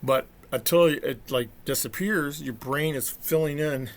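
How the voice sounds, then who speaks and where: A middle-aged vlogger with a slightly high voice tells a family story in a casual, rambling monologue, speaking a little slowly. A chatty storyteller, he acts out what people said.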